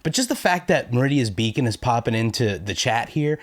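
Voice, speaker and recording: A man's voice: medium pitch, lively intonation, brisk. Rambling self-deprecating American guy. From United States. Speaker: YouTube host. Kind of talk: casual commentary reading viewer comments.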